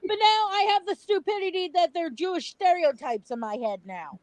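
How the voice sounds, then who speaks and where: Indignant high-voiced woman, dry mic. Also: expressive, moderate pace, a little mellow, no echo, poor audio. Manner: indignant, blunt, mocking quotes. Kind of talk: casual ranting chat.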